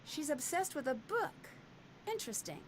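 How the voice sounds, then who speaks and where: A curious young woman detective in a video game. She asks dry, probing questions in a lively, fairly high voice. Clear background noise runs under the game audio. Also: normal speed.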